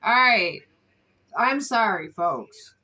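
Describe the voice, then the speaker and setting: A woman's voice: medium pitch, lively intonation, slow pace, pushed and bright, poor audio. A woman giving a casual tarot card reading, exasperated, who swears casually and scolds people off camera between cards.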